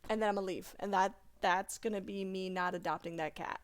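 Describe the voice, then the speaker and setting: A woman in her thirties co-hosting a casual podcast chat, animated and acting out quoted exchanges in funny voices. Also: medium pitch, fairly quick, clear, resonant tone. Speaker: podcast co-host.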